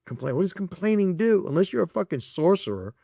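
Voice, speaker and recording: A man talks freely as a podcast guest, blunt and laced with profanity. He stays animated, laughs between points and slips into voices for the people he describes. His voice sits a little high and is recorded dry and close. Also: quick pace, vocal fry, no echo. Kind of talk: casual chat.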